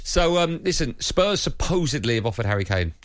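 A man hosting a sports talk radio show, chatty and quick with a joke. He talks at a fast clip, and his voice moves up and down a lot. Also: on the high side, very animated, over music. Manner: chatty, jokey, brisk.

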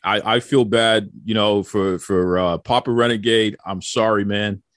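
A man's voice: lowish voice, steady tone, unhurried, no echo. A man hosting a casual podcast chat, joking and teasing his guests, often repeating words as he talks. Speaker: podcast host.

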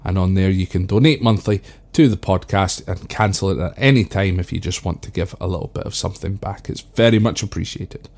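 A man's voice: low voice, brisk, vocal fry, a little mellow. Chatty male history podcast host. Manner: chatty, addresses listeners as folks. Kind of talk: casual podcast narration.

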